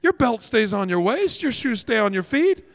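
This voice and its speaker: A male pastor preaching a sermon as a lively, comic story, acting out the scenes. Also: very high voice, moderate pace. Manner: animated, comic, acts out scenes. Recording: long hall reverb.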